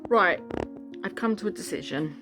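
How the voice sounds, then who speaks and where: A woman's voice: medium pitch, expressive, moderate pace, over music. A woman vlogging casually to camera about a book she is reading, chatty and rambling, often correcting herself mid-sentence.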